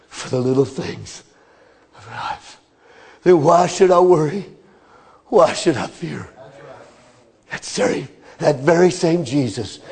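Male preacher with a high-pitched voice, delivering a fervent sermon that swings from loud cries to hushed lows. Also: husky.

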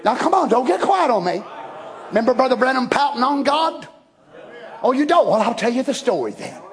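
A man preaching a sermon in a folksy, animated way, breaking into shouted passages. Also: very high-pitched, brisk. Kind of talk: Pentecostal-style sermon.

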